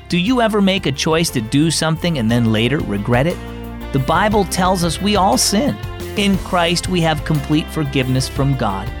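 A man hosting and narrating a children's devotional radio program, telling the story in a friendly, expressive studio voice. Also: on the high side. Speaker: host and narrator.

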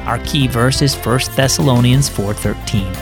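A man's voice: mid-range voice, normal speed. A man hosting a children's devotional program, narrating a scripted story in a friendly, earnest way. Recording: dry studio voice with faint music.

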